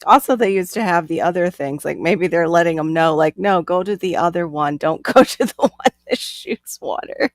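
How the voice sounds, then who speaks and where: A woman's voice: lowish voice, normal speed, few pauses, no room sound, clean studio sound. A woman from Florida hosting a casual chat stream, chatty and laughing often. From Florida, USA. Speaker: channel host.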